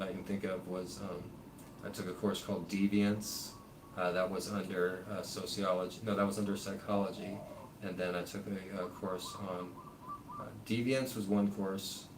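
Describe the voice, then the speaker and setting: Rambling ranting man, low-pitched, sits back from the mic in an echoey room with faint hiss. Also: little pitch movement, moderate pace, distant mic. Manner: rambling, profane, heavy on fillers. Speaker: live-stream host. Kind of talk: casual rambling rant.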